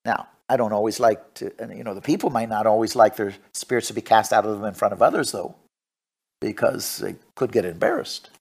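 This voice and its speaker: A male preacher giving a radio sermon and reading scripture aloud, swinging from hushed asides to loud, fervent preaching. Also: on the low side, fairly quick, vocal fry, husky.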